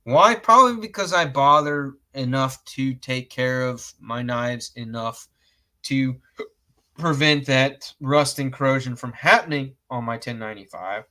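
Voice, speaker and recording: A man from Georgia talks through a casual gear review at an unhurried, drawn-out pace. His voice is bright and forward. He rambles and restarts his sentences, chuckles at his own jokes and throws in a mild curse now and then. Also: medium pitch. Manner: rambling, self-correcting, laughs at own jokes, mild cursing. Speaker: host reviewing outdoor knives.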